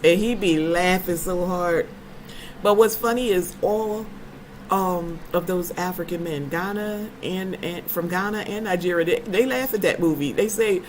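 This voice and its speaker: A woman's voice: fairly low pitch, fairly even intonation, normal speed, a little hiss or hum, rough recording. A woman hosting a casual vlog chat, telling stories to her viewers in a playful, emphatic way. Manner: chatty storyteller, playful and emphatic. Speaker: vlogger host.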